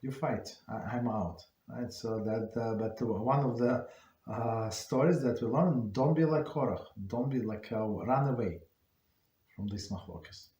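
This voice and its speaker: Halting rabbi in a roomy space. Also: male voice, medium pitch, dark tone. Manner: halting, conversational storytelling with many restarts. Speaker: rabbi teaching a class. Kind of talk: informal Torah class talk. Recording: roomy echo.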